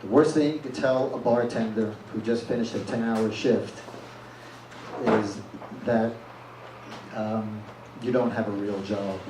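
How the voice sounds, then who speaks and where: Blunt male storyteller at a live reading, plain-spoken; echoey room, distant mic, noisy. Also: fairly low pitch. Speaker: reader at a live reading series. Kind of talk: reading a first-person story aloud. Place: live reading event venue. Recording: echoey room from far off, with noise.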